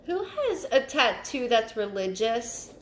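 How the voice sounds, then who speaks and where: A woman giving a live psychic reading, thinking aloud in halting, repeated phrases and sounding stuffed up. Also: on the high side, big pitch swings, a little hiss or hum. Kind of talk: livestream reading. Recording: roomy echo.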